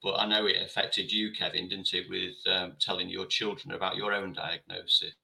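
A man's voice: low voice, flat delivery, moderate pace, vocal fry, sharp tone, low-quality recording. A man hosting a panel discussion, courteous and a little hesitant, steering the talk along. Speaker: host.

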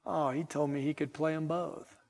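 A middle-aged man preaching a sermon with slow, emphatic delivery and chatty asides to his congregation. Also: on the high side, little pitch movement, creaky, a little mellow, in a large hall. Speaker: pastor.

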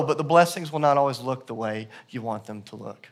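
A male pastor preaching a sermon in a church service, telling stories that swing from hushed to loud and emphatic. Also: medium pitch, a little fast, hardly any pauses.

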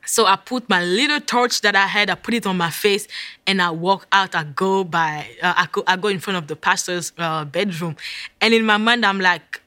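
Bright-voiced African woman telling a story. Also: fairly low pitch, normal speed, dry recording. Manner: vivid, dramatic retelling with hushed whispered asides. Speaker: guest. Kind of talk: storytelling in a conversation.

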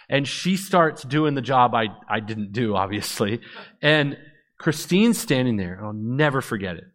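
A man in his thirties tells his personal testimony as a lively storyteller, jumping into character voices for the people in his story. His voice sits at an ordinary middle pitch, and he speeds up and slows down with the story. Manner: animated storyteller acting out dialogue. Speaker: speaker giving testimony.

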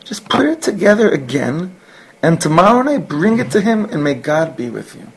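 A man's voice: fairly high pitch, lively intonation, normal speed, creaky, breathy edge, poor audio. A man teaching a class, telling a Hasidic story mixed with Yiddish and Hebrew words and asides to his students.

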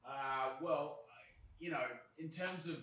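A man's voice: fairly high pitch, fairly even intonation, a little slow, a bit bright, breathy edge. A man in a casual podcast chat, hesitant and questioning, trailing off with fillers.

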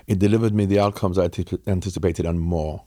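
A man's voice: low-pitched, fairly even intonation, fast talker, warm tone. A man in his sixties, a guest in a heated interview, arguing his point insistently and pushing back on interruptions. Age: 60s.

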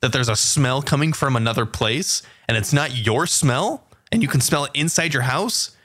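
A man's voice: medium pitch, expressive, moderate pace, fairly bright tone, slightly rough, no echo, clean studio sound. A man co-hosting a casual podcast, reading news headlines aloud with playful, exaggerated emphasis. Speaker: podcast co-host.

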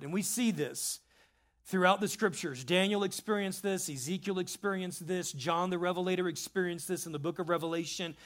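Animated high-voiced preacher. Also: male voice. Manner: animated, conversational preaching with asides. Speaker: pastor. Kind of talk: sermon.

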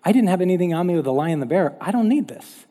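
A bold young shepherd boy, casually dismissive, as a male preacher puts him on. The voice is husky and lively, with a long hall reverb behind it. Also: high voice, racing.

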